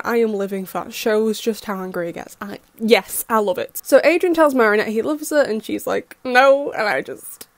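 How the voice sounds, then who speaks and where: A young woman recapping a cartoon episode in a gushing, excitable fangirl way. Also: a little high, no room sound. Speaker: fan reaction host.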